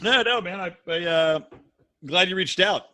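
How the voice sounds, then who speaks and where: A man chatting casually as a podcast guest over an internet call, relaxed and swearing freely. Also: high voice, normal speed, a crowd in the background. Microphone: internet call audio.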